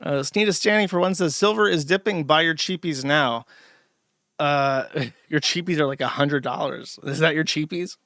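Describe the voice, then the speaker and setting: A man's voice: a little high, normal speed, bright, forceful tone, dry recording, clean studio sound. A man reading out viewer donations on his livestream and answering them in a blunt, profane, sardonic way. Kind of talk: casual livestream chat.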